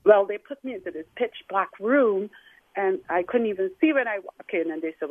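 A woman calling in and recounting her experience in an emotional, halting way. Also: mid-range voice, expressive, dry recording. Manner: tearful, halting. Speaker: caller. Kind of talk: emotional phone-in account. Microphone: telephone. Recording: tinny phone line.

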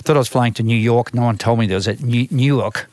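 Older man, Australian accent, rambling anecdotes, mid-pitched voice, dry sound. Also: quick pace, darkish tone, dry recording. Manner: rambling, many restarts and repeated words. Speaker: music manager, guest. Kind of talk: storytelling interview.

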